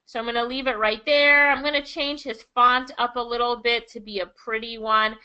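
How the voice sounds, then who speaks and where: A high, bright-toned woman with a Jamaican accent talks through a screen-share lesson in an enthusiastic, chatty way. The audio is a little dull and lo-fi, like a computer mic. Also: fairly even intonation, normal speed, clean tone. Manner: enthusiastic, chatty, laughs often. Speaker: online income instructor.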